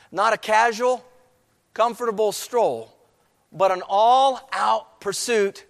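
A man pastor preaching a sermon, building to emphatic, rising passages. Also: high-pitched. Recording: long hall reverb.

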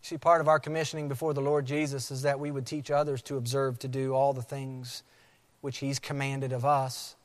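A man's voice: mid-range voice, little pitch movement. Preaching man in a reverberant hall. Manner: emphatic preaching, repeats key phrases slowly. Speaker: pastor. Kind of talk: sermon.

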